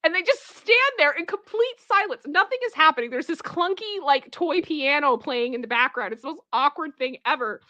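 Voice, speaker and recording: Woman livestream host, bright and lively, chatting with viewers. Dry, slightly dull audio. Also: high voice, normal speed, few pauses, no echo. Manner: animated, retells a sketch with character voices. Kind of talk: casual livestream chat.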